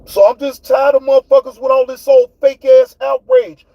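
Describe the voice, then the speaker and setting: High-voiced man ranting hotly on stream. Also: little pitch movement, normal speed, gravelly, dry recording, lo-fi sound. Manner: profane, fiery, talks straight to chat. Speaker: livestream host. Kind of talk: heated livestream rant.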